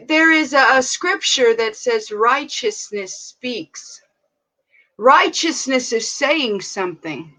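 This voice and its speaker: A young woman leads prayer and teaches scripture in a slow, unhurried way, lingering on her words. Her voice sits fairly high and sounds bright and forward. She is fervent and affectionate, greeting viewers by name as she goes. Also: rough recording. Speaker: preacher on a live stream. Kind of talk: prayer and sermon.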